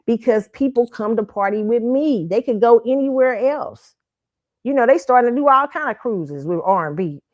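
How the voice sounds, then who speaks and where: Woman host going off in a profane rant, kinda high voice, slightly muffled audio. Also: lively intonation, moderate pace. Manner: blunt, profane, mocking. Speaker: show host. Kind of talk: ranting opinion commentary.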